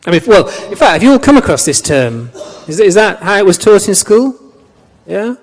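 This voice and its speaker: A man's voice: high voice, lively intonation, a little fast. A man teaching a class, chatty, repeating words and asking the students questions. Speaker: language lecturer. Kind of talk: classroom lecture. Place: lecture room. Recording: long reverb of a lecture hall.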